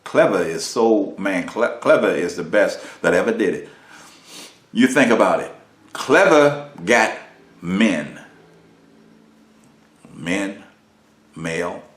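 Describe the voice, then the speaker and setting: A man, a minister, delivering a preached lesson. He talks emphatically, uses rhetorical questions, and swings widely in pitch and volume. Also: lively intonation, slow, pauses often. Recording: roomy echo.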